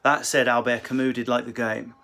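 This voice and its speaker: A man's voice: mid-range voice, level tone, fairly quick, creaky, background noise. A man who is a comedian, casually answering viewer questions from a room at home with cheeky, crude banter. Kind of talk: casual live Q&A.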